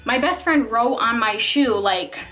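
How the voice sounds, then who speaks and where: A woman's voice: fairly high pitch, expressive, measured pace, fairly bright tone, soft background music. A young woman telling a story from her school days in a casual vlog, chatty and full of "like"s, her tone exasperated. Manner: chatty, filler-heavy, many "like"s, exasperated retelling. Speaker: vlogger.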